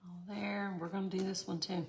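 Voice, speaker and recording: A woman's voice: mid-range voice, level tone, brisk, darkish tone. A chatty middle-aged woman, hosting a casual craft tutorial and talking to her viewers. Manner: chatty, laughs often, talks to viewers. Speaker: resin art tutorial host.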